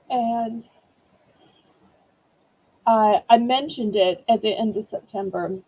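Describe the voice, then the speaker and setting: Slow, mellow woman auctioneer. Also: poor audio. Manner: emotional, holding back tears, then cheerful product pitching. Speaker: live auction seller. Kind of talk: live-stream auction selling.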